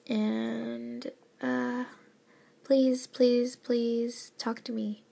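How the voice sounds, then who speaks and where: Young woman rambling to her viewers, stuffy nose, lots of whispering, slow and kinda gravelly. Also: fairly high pitch, flat delivery. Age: young adult. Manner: rambling, hesitant, with many fillers and soft laughs. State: stuffy nose from a lingering cold. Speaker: college student vlogger. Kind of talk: casual chat, often whispered.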